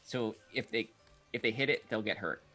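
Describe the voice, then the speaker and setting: A tabletop game player casting spells and counting dice aloud, deliberate in pace. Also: mid-range voice, sharp tone, soft background music. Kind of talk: casual tabletop game chat.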